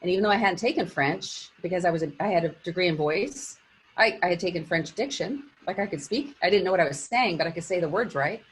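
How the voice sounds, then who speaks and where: A woman's voice: lowish voice, animated, fast, slightly rough. Earnest teacher woman telling a story. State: teary. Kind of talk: classroom pep talk with a personal story.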